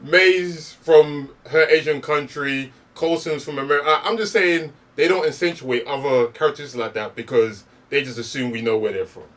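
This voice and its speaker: A man's voice: on the high side, normal speed, hardly any pauses, a bit bright, far from the mic. A man co-hosting a podcast, nitpicking and complaining in casual chat. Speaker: podcast co-host.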